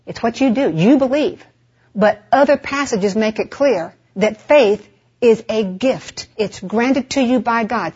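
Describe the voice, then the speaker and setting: A woman's voice: a little high, a little mellow, husky. A woman preaching a sermon, asking rhetorical questions and answering them herself. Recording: dull, muffled lo-fi recording.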